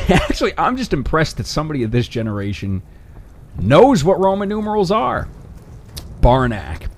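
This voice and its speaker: A young man giving casual, sarcastic commentary over his own shooter gameplay, swearing and breaking into excited outbursts. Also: fairly high pitch, moderate pace.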